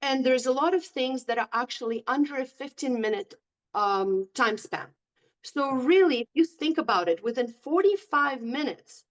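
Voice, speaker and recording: A woman's voice: fairly high pitch, lo-fi sound. A middle-aged woman, a guest coach, telling stories in a conversational podcast interview in an upbeat, encouraging way.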